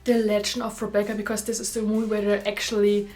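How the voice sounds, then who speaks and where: A woman's voice: medium pitch, fast talker, faint music behind. A young woman casually reviewing and ranking movies in a vlog, gushing and full of filler words. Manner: gushing, animated, lots of "like" fillers.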